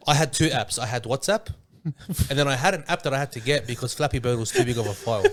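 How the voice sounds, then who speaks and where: Give me a playful young man with an average pitch, bragging jokingly in casual chat. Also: very animated, moderate pace, bright, forceful tone. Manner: playful, laughs often, mock-boastful. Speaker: podcast guest co-host.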